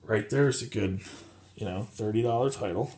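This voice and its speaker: A man's voice: fairly low pitch, moderate pace. A man casually showing off his collection finds in a rambling, self-correcting vlog. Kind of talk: casual show-and-tell vlog. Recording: clear background noise with clicks.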